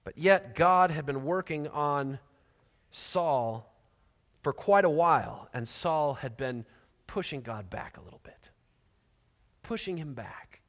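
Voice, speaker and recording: A man preaching a sermon with a high voice, moving between lively storytelling and hushed, near-whispered lines. Long hall reverb trails each phrase. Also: takes it slowly, long pauses. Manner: animated storytelling, dropping to soft near-whispers for emphasis. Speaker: pastor.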